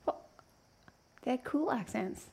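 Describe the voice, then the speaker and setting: A woman's voice: fairly high pitch, animated, slow pace, gravelly, darkish tone, a little hiss or hum. Teasing woman co-hosting a podcast. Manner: teasing, laughs often. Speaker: podcast co-host. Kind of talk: casual chat.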